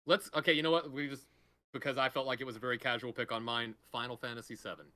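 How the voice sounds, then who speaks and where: A man's voice: mid-range voice, level tone, sharp tone. A man co-hosting a casual podcast, rambling and correcting himself as he goes. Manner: fast, rambling, self-correcting. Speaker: podcast co-host.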